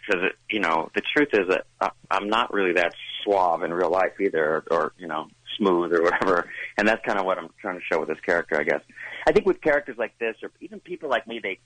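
A man's voice: sits low, lively intonation, fairly bright tone, no room sound, low-quality recording. Guy guest on a radio show, rambly and kinda unsure of himself, voice moves around a lot, dry close sound. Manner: rambling, self-deprecating, halting. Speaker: guest, actor and musician. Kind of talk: casual interview chat.

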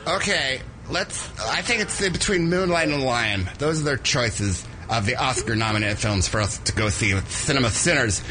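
A man's voice: medium pitch, animated, moderate pace, few pauses, over music, rough recording. A man in a comedy sketch playing the leader of a mock club meeting, showy and theatrical.

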